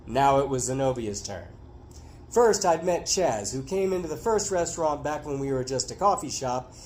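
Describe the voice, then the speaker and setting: Man reading his memoir, lively character voices. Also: a little hiss or hum, low-quality recording. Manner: animated, voices characters with big pitch jumps.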